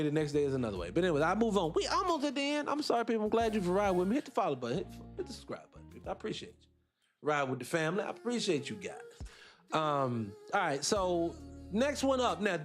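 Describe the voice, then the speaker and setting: A man hosting an online radio show, talking casually and rambling to his listeners, swearing freely. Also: on the high side.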